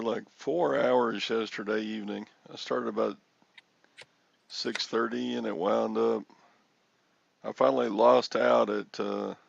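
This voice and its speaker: Older man, heavy vocal fry, slow unhurried talk, dull lo-fi headset sound. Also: mid-range voice, no echo. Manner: rambling storyteller, chuckling, yells excitedly when reenacting. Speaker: host. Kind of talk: casual chat. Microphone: headphones with mic.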